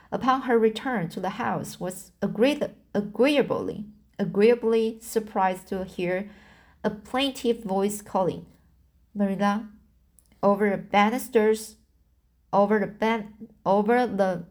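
A woman's voice: mid-range voice, a little mellow. A woman reading a novel aloud, often stumbling over words and restarting lines. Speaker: audiobook reader. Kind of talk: amateur audiobook narration.

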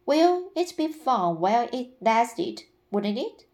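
A woman reading aloud and voicing a lively, curious little boy who asks questions insistently. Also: fairly high pitch, takes it slowly, voice pushed up, exaggerated voice. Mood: eager.

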